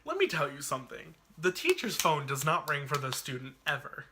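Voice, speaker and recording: A man's voice: a little high, big pitch swings, fairly quick, background noise. A man telling a personal story on his vlog in a chatty, dramatic way, full of "like" and asides. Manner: chatty, dramatic retelling peppered with "like". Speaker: YouTuber.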